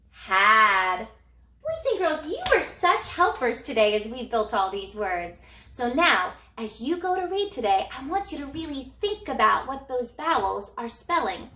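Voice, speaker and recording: Slow, bright-voiced reading teacher woman. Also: high-pitched, reverberant. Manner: slow, sing-song teacher voice with lively cues. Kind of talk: phonics lesson for young children.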